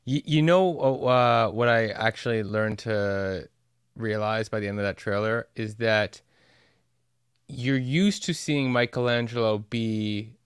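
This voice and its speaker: A man's voice: lowish voice, takes it slowly, clean tone, no echo, studio quality. A man co-hosting a podcast in casual chat, thoughtful and searching for his words, with an easy chuckle. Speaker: podcast co-host.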